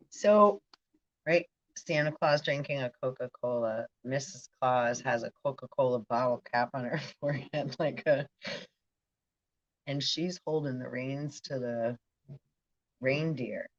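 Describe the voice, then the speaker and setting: A woman's voice: sits low, muffled recording. A woman giving a rambling spiritual monologue, talking in a stream of consciousness and often checking in with "right". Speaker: spiritual vlogger.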